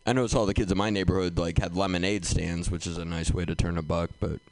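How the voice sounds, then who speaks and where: A man's voice: low voice, fairly even intonation, quick pace, darkish tone, dry recording. A man hosting a comedy show and telling a stand-up story in a loose way, with lots of fillers. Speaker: comedy show host and comic.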